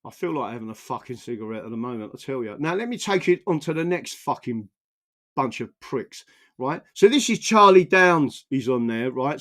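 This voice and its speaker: Here a political commentator from England rages and curses his way through a political tirade, repeatedly stammering and starting over. His voice sits in the mid range and carries a fairly bright tone.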